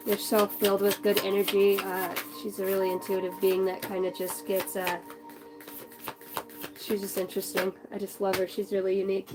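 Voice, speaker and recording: In a casual, meandering vlog, a young spiritual channel host does a card reading and lets slip the odd curse. She speaks at medium pitch on a rough-sounding recording.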